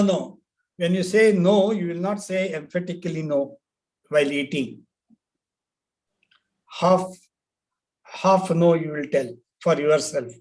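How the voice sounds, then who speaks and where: High-voiced, insistent man. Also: a little mellow. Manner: insistent, repeats himself, laughs often. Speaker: study group participant. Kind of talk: casual discussion.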